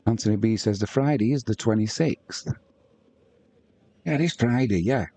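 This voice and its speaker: A man's voice: lowish voice, normal speed, warm tone, dry recording. A man from the UK hosting a live match watch-along, chatting casually and reading viewer comments aloud with banter. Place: at home.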